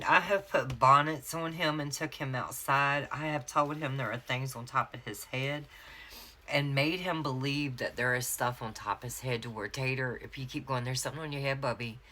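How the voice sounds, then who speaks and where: A woman's voice: extremely low pitch, bright, forceful tone. A woman with a Southern US accent telling a long, chatty story in a casual vlog from her home craft office. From North Carolina, USA. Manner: chatty, laughing, drawn-out storytelling asides. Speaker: planner vlogger. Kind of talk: casual storytelling chat while decorating a planner.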